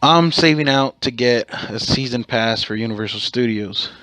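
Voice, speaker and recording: A man's voice: medium pitch, moderate pace, pushed and bright, no room sound. A man hosting his own podcast, telling a rambling, profane story in a casual way and correcting himself as he goes. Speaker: podcast host.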